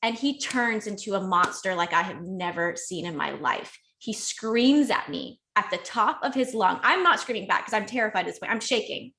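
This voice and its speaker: A woman guest on a podcast, telling a painful personal story in a candid, emotional, rushed way full of fillers. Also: medium pitch, lively intonation, vocal fry, bright, forceful tone. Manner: emotional, rushed, heavy use of "like".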